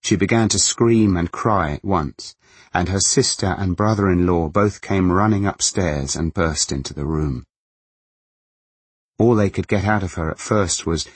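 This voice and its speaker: A man narrating a novel in a measured, even manner. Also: sits low, husky, dry recording. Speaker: audiobook narrator.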